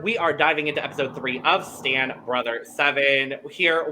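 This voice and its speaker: A man's voice: mid-range voice, moderate pace, hardly any pauses, sharp tone, a little hiss or hum, rough recording. A man hosting a casual podcast in a campy, playful and upbeat way. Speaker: host.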